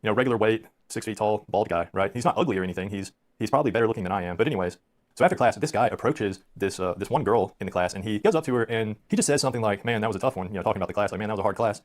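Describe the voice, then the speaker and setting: A man in his thirties, lowish-voiced and expressive, races through rambling, self-deprecating tales about his own life. It's casual storytelling delivered on a stream.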